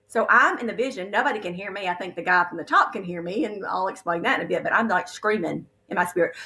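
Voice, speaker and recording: A woman's voice: mid-range voice, fairly quick, few pauses, sharp tone. A woman, earnestly sharing a vivid spiritual testimony as a guest. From Alabama, USA.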